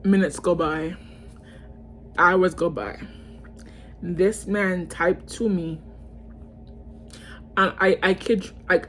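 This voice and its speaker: Ranting young woman, lowish voice. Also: fairly bright tone, slight background noise. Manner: exasperated, heated ranting with heavy cursing and repetition. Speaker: vlogger telling a story. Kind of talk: storytime rant.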